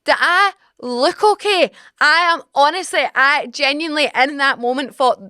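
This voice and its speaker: A young woman in her twenties with a Scottish accent, hosting a podcast and telling a frank, animated story in casual chat. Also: sits high, unhurried, few pauses, no echo, studio quality. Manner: animated, dramatic, swearing, frank. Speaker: podcast host. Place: small podcast studio. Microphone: studio mic.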